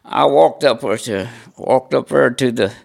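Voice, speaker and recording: A man's voice: medium pitch, a little slow, creaky, a little mellow. A man in his nineties from Indiana, bluntly telling stories from his life in an interview, sometimes salty. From Indiana, USA. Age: 90s. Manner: blunt, salty storytelling with repeated "I said". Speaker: veteran interviewee.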